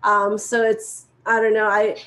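A woman's voice: medium pitch, monotone, unhurried, fairly bright tone, low-quality recording. A woman leading a group, giving effusive, encouraging feedback full of casual fillers.

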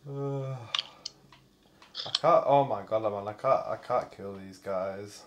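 A man's voice: fairly low pitch, slow pace, dull audio, background noise. A man hosting a gameplay video, chatting casually and swearing in exasperated banter with a friend while playing. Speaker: gaming channel host.

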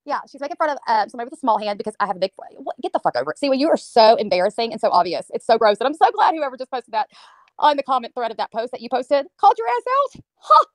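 A woman ranting on a livestream, swearing and mocking someone, slipping into high sing-song impressions. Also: very animated, no room sound. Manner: profane, mocking, fast ranting. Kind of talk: heated livestream rant.

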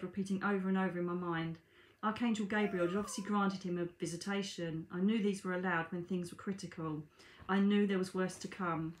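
Reading from a book she wrote, a woman psychic medium from Britain breaks off now and then to chat with viewers, calling them darlings. Her voice is medium-pitched, and the echoey recording carries background noise.

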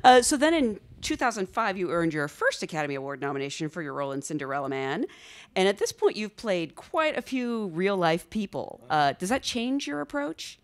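A woman interviewing an actor, chatty and quick to laugh. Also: mid-range voice, big pitch swings. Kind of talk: casual interview.

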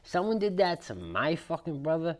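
A man with a Boston accent, a podcast guest telling prison stories in a loud, profane, animated way, acting out the quotes. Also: a little high, normal speed. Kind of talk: casual storytelling interview.

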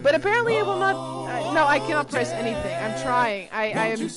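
A woman's voice: high-pitched, brisk. A young adult woman streaming a game live, rambling and flustered, swearing as she talks. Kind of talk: live gameplay commentary. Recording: game music loud under voice. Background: loud game music.

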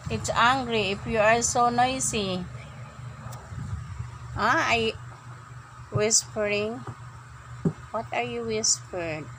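A woman's voice: fairly high pitch, takes it slowly, long pauses, background noise. An older woman, a grandmother talking to her granddaughter at bedtime in a casual home vlog, coaxing, repeating herself and laughing often. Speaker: grandmother vlogger. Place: bedroom at home.

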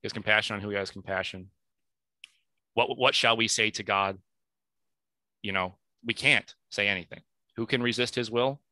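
A young man with a strikingly bright, forceful voice, recorded close and dry with no room sound. He talks earnestly through scripture in a relaxed podcast style, reading verses with emphasis and stumbling over his own corrections. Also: fairly low pitch, normal speed, pauses often, no room sound. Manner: earnest, self-correcting, thinking aloud; reads scripture aloud with emphasis. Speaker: podcast speaker. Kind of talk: casual Bible discussion.

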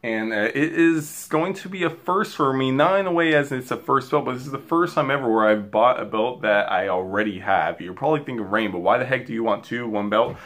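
A man talking excitedly and rambling to his viewers while unboxing in a casual vlog. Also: medium pitch, brisk, hardly any pauses. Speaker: wrestling belt collector vlogger.

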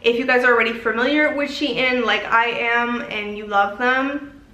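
Young woman from canada gushing over a clothing haul, kinda high voice, super chatty and filler-heavy. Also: steady tone, normal speed, bright, forceful tone. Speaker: fashion haul vlogger. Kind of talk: casual haul vlog chat.

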